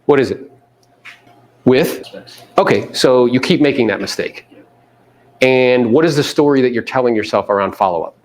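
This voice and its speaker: A man coaching a live audience in a meeting room, animated and casual, sometimes coarse, often acting out other people's voices. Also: medium pitch, moderate pace, long pauses. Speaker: real estate coach. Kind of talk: live seminar talk to an audience.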